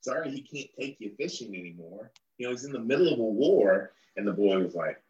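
A man's voice: fairly low pitch, animated, quick pace, hardly any pauses, darkish tone, echoey room, dull audio. A middle-aged man, a guest in an interview, telling a long story and acting out the people he quotes.

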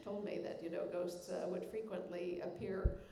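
A woman's voice: lowish voice, fairly even intonation, normal speed, creaky, warm tone. An older woman author answering audience questions, rambling and chuckling with lots of fillers. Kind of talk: relaxed Q&A answers. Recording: echoey hall mic with faint noise.

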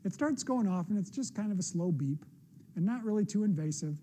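A man's voice: high voice, expressive, fairly quick, mellow, a little hiss or hum. A middle-aged man, a pastor, preaching a sermon in an earnest, conversational way with personal asides.

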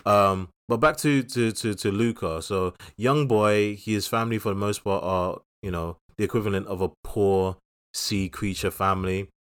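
A podcast co-host chats about films in a rambling, jokey way, often restarting his sentences. His voice is fairly low, steady, a bit bright, clear and resonant, at a moderate pace.

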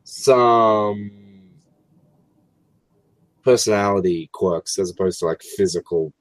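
A man's voice: fairly low pitch, slow pace, no echo. A man in casual chat, rambling and searching for words as he talks.

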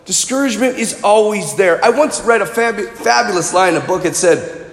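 A man in his forties preaching a sermon, animated and conversational, telling personal stories. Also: high-pitched, brisk. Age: 40s. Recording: echoey hall.

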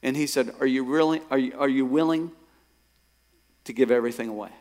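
A man's voice: medium pitch, fairly quick, a little mellow. Storytelling male pastor in a reverberant hall. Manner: storytelling, rising to emphatic bursts. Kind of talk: sermon.

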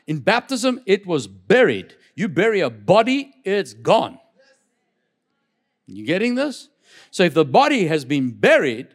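Lively preaching man, high animated voice. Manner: lively preaching with many asides and repetitions. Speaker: pastor. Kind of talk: sermon. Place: church.

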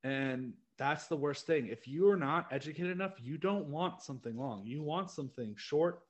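A man's voice: on the high side, moderate pace. A young American man co-hosting a casual podcast chat, ranting in a blunt, opinionated way. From United States. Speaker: podcast co-host.

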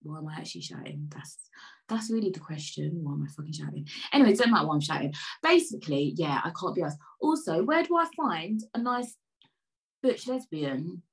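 A woman chatting casually to camera over a cup of tea, rambling, flipping between loud outbursts and quiet mutters. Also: low voice, big pitch swings, fairly quick, rough recording. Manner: sips tea while talking. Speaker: vlogger.

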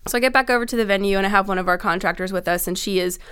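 Animated woman telling a funny work story. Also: medium pitch, very fast, smooth. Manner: animated, self-mocking storyteller who acts out quoted lines. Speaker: trade show event staff member. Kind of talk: casual anecdote.

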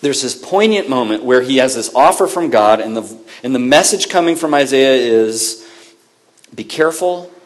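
A man as pastor, preaching a sermon in a conversational storytelling way, lively and often correcting himself mid-sentence. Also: medium pitch, normal speed.

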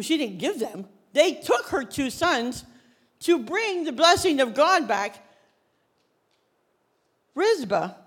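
A woman pastor preaching a sermon, telling a story with lively, casual acted-out dialogue. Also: sits high. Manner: animated storytelling, acts out biblical characters in casual modern speech.

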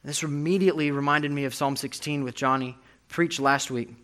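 A man's voice: fairly high pitch, fairly even intonation, a little fast, a bit bright. A young man preaching a sermon, earnestly reading and explaining scripture. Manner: earnest, reads scripture aloud with emphasis.

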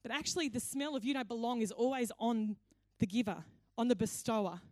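A woman's voice: a little high, lively intonation, brisk, a little mellow, no echo, studio quality. A woman pastor delivering a sermon in a conversational, playful storytelling way. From Australia.

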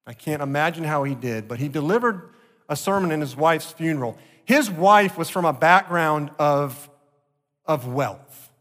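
A male pastor delivering an earnest sermon, slowing down to stress key points. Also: a little high, expressive, a bit bright. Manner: earnest preaching, slowing for emphasis. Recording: long reverb of a large hall.

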